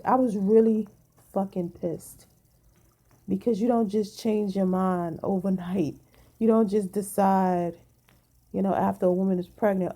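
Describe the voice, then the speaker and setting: A woman's voice: medium pitch, normal speed, pauses often, mellow. A woman vlogger venting to her viewers in casual talk, blunt and emphatic, swearing freely, sounding tired.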